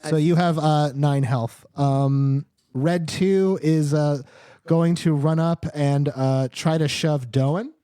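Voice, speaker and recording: A man's voice: a little high, fairly even intonation, takes it slowly, warm tone, clean tone, no echo, clean studio sound. A young man narrating as game master in a tabletop game, laughing through his descriptions with lots of fillers.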